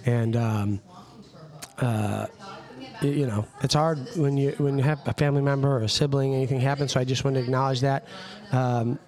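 A man's voice: medium pitch, steady tone, moderate pace, a little mellow. A man co-hosting a casual podcast from a busy coffee shop, talking in a loose, rambling way with lots of fillers and restarts. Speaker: podcast co-host.

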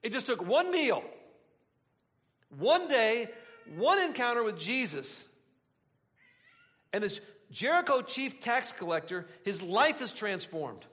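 A man delivering a casual, conversational sermon with a high, very expressive voice that swoops up and down. He speaks animatedly, breaks off into asides and restarts his phrases. His voice carries a long hall reverb. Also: slow, pauses often. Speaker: pastor.

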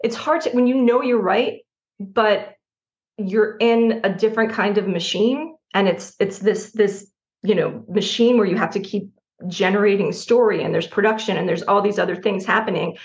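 Brief: middle-aged woman writer from New Jersey, candid and animated, often laughing, gravelly voice, slightly muffled mic. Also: medium pitch, moderate pace. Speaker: writer guest. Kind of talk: candid interview conversation.

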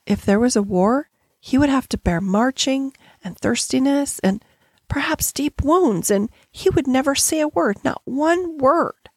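A woman's voice: high voice, animated, unhurried, dry recording, clean studio sound, voice pushed up, heavily acted. A woman voicing a serious, brave and determined little girl who speaks earnestly and steadily in a storybook reading. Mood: resolute.

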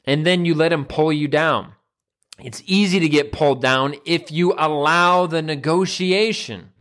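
A man's voice: a little high, a bit bright. A man, a nutrition coach and personal trainer, giving a casual motivational monologue and acting out the voices he quotes.

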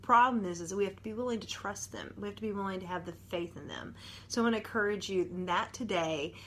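A woman's voice: mid-range voice, fast talker, fairly bright tone, slight background noise. A woman, a nurse and mother telling a personal story as an earnest, conversational devotional talk.

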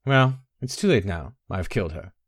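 A man's voice: lowish voice, animated, normal speed, dry recording, studio quality. A man playing a tormented young man in a storybook reading, his speech strained and brooding. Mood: haunted.

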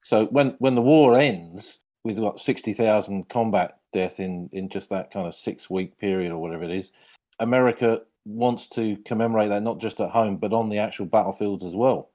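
Man, deep voice, mellow tone, podcast host, thoughtful, repeats words. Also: moderate pace. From Britain. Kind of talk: conversational history interview.

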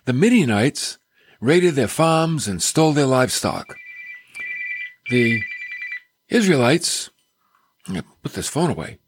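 A man hosting a radio Bible teaching from a studio, folksy and animated, with joking asides. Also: medium pitch, unhurried, long pauses, background noise. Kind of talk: radio sermon.

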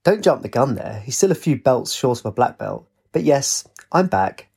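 A man with a husky voice voicing a cheeky, spirited young woman in a storybook reading. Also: medium pitch, sing-song, darkish tone, exaggerated voice. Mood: teasing. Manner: cheeky, quick-witted. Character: spirited young woman adventurer, bold and teasing.

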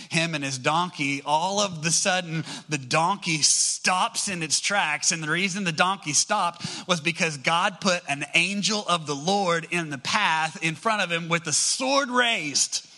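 A man preaching a sermon as a pastor, telling stories and rising higher and faster when excited. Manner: storytelling, rises high and fast when excited.

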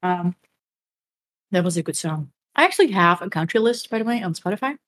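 A woman co-hosting a podcast in casual chat, talking in a playful, teasing way with quick asides. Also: on the low side, expressive, fairly bright tone. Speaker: podcast co-host.

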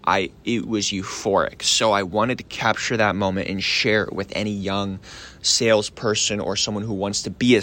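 A young man with a low voice hosts a sales podcast on his own, speaking casually and with excitement. He keeps asking "right?" and plays out both sides of a phone call.

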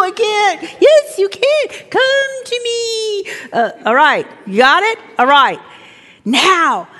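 A woman preaching a lively sermon, acting out inner voices and now and then shouting commands. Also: on the high side. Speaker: pastor. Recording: reverberant hall.

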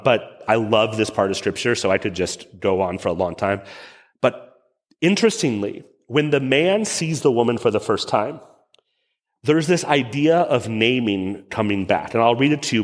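A male pastor preaching a sermon in a lively, conversational way, with asides to the congregation. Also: medium pitch, in a large hall.

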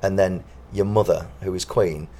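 Deep-voiced English man, playful. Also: fairly even intonation, normal speed, mellow. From England. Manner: playful, teasing explainer. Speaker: podcast co-host. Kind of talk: casual chat. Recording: faint background noise.

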